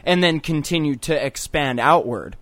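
A man co-hosting a podcast in a loud, joking, profane casual chat. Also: fairly high pitch, normal speed, dry recording. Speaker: podcast co-host.

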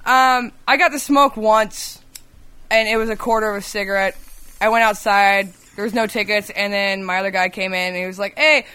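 A woman's voice: medium pitch, fairly even intonation, a little fast, sharp tone, clean tone. A woman co-hosting a podcast, telling a rambling, profane story in casual chat. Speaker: podcast co-host.

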